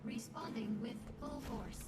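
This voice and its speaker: Woman voicing a cold security golem in a game, echoey and far off, loud music behind. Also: on the high side, a little slow, lightly acted. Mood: menacing. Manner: cold, mechanical announcements. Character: hostile security golem machine. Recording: distant echoey game audio.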